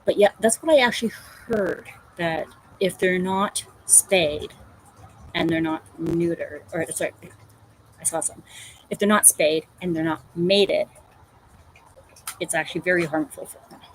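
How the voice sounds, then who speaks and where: A woman hosting a casual crafting livestream, telling animated stories about her pet and reading out viewer comments. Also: lowish voice, a little slow, pauses often, a little hiss or hum, low-quality recording. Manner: chatty storytelling, animated. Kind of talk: casual chat.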